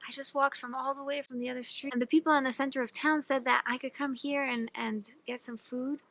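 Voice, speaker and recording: A woman's voice: high voice, little pitch movement, brisk, a bit bright. A woman voicing a hungry, exhausted traveler who is earnest and eager to please. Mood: pleading. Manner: earnest, pleading then insistent.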